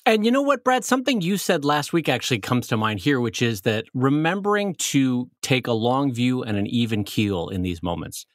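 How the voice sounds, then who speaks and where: A man co-hosting a casual podcast chat, an animated storyteller who acts out voices. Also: medium pitch, moderate pace, few pauses, dry recording, studio quality. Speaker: podcast co-host.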